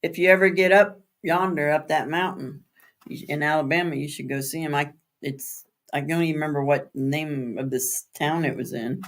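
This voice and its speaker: A woman's voice: sits low, fairly even intonation, normal speed. Chatty woman hosting a late live stream. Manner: chatty, laughs often, answers viewer comments by name; spells out words letter by letter. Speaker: livestream host. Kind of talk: casual live chat with viewers. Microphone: streaming setup.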